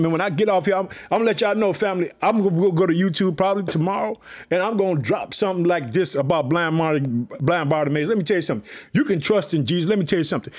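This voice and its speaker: A fired-up man preaching a sermon. His voice sits very high and swings wildly up and down, breaking into shouts as he repeats his catchphrases. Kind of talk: fiery sermon.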